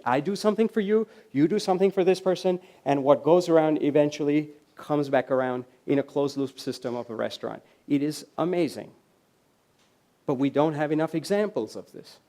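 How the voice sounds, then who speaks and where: A man from the USA giving a storytelling keynote at a university event, animated and laughing often as he acts out the people in his stories. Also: a little high, fairly quick. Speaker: keynote speaker. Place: university event hall with audience.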